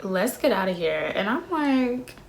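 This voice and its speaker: A young woman in her twenties telling a story to her phone camera in a casual, slangy, animated way, laughing often. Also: mid-range voice, unhurried, a little hiss or hum. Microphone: phone camera at arm's length.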